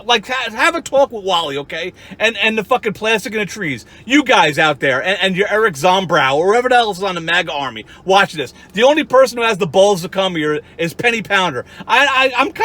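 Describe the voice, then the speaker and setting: A man's voice: high-pitched, bright, forceful tone. A man ranting at the camera, heated and profane, addressing his critics directly with many restarts. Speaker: YouTuber. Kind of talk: angry rant to camera.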